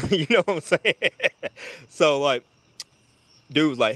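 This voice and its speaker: A man casually telling a long personal story, full of swearing, who jumps to a much higher voice when quoting people. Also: slow, dry recording. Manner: profane, animated retelling with high-pitched voices for quoted people. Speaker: storyteller on a live audio chat.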